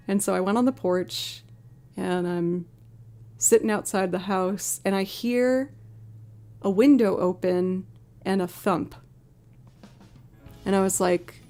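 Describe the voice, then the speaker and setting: During a casual livestream, a streaming musician tells a story, jumping up in pitch as she takes on the voices of the people in it. Her voice is middle-register and a little slow, with long pauses, while faint music plays in the background.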